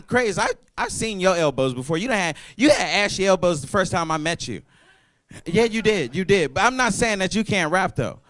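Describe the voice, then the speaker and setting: High-voiced animated stand-up comedian man. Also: dry recording. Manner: animated, loud and playful, apologetic asides to the crowd. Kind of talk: open mic stand-up set. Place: comedy club stage.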